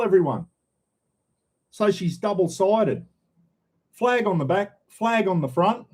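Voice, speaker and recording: Hosting a laid-back livestream, this middle-aged Australian man has a high-sitting, slightly mellow voice. His talk is rambling and full of slang, and he frequently addresses his viewers as "everyone."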